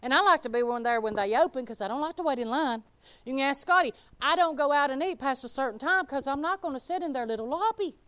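A woman delivers a casual sermon, her voice pitched high. She talks in a folksy, animated way and calls out people in the congregation by name. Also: fast. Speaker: preacher. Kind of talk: informal sermon.

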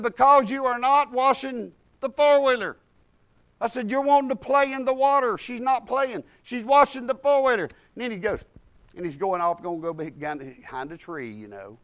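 An older man, a pastor telling family stories in a sermon and swinging from soft asides to bold, loud preaching. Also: very high-pitched, expressive, normal speed, pauses often. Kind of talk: storytelling sermon.

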